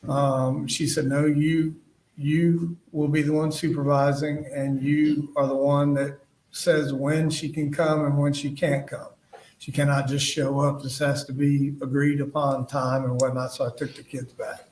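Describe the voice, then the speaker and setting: A man giving courtroom testimony as a witness, speaking haltingly and retelling past conversations as quoted dialogue. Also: on the high side, flat delivery, a little mellow. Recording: echoey room, voice far from the mic.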